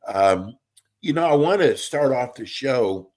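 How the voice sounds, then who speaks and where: A man's voice: medium pitch, animated, measured pace, a little mellow. A man hosting a live radio talk show, chatty and folksy, sometimes losing his train of thought. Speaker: host. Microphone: remote call with a bad connection.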